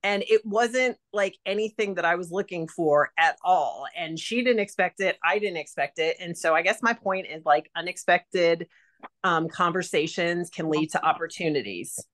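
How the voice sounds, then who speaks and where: Chatty woman with a lowish voice. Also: moderate pace, a bit bright. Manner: chatty, heavy use of "like" and "um". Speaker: direct sales consultant. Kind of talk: casual sales advice talk.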